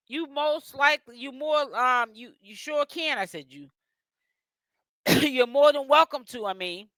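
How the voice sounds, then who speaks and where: Man from boston, livestream host, bright voice, dry close sound, casual and chatty. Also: extremely high pitch, dry recording. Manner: chatty, addresses chat and guests directly.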